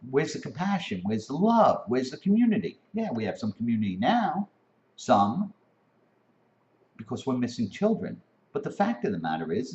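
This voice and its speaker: Man, angry rant, swearing, swinging pitch, dull lo-fi sound. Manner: heated, profane, rising to near-shouting. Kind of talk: impassioned spoken rant. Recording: dull lo-fi recording.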